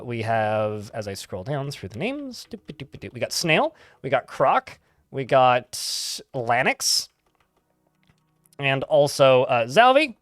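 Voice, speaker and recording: A man's voice: medium pitch, fairly bright tone, no echo. A man casually chatting to his live-stream chat while playing a game, rambling and laughing easily.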